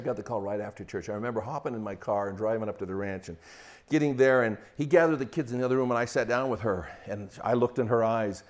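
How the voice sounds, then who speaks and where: An older man preaching a sermon on marriage, swinging from loud mocking quotes to hushed, intimate storytelling. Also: lowish voice. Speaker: pastor.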